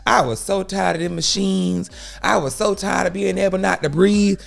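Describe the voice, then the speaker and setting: A man's voice: high voice, normal speed, vocal fry, a bit bright, pitched above the performer's own voice, heavily acted. A man voicing a tired, dying older mother speaking with relief. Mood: relieved.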